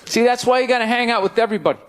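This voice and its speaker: A male stand-up comedian on a club stage, ranting loudly and incredulously into a handheld mic. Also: very high-pitched, very fast, background noise.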